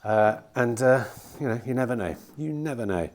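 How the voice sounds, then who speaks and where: A middle-aged man who deals in used cars talks casually and rambles to camera outdoors at a sunny car lot, with a swear word now and then. His mid-range voice is expressive and moves at a normal speed, and the audio carries a little hiss or hum.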